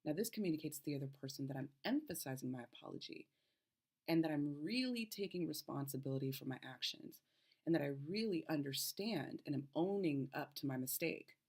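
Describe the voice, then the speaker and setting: A woman's voice: low-pitched, animated, a little fast, a little mellow. A woman health coach in her thirties, explaining advice to camera and checking in with the viewer with a frequent "okay?".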